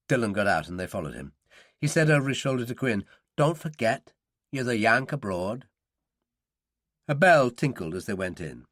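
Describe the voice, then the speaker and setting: A man's voice: no room sound, studio quality. A man reading a thriller audiobook aloud, voicing the characters in turn. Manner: reads character voices with lively pitch. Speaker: audiobook narrator. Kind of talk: scripted audiobook narration.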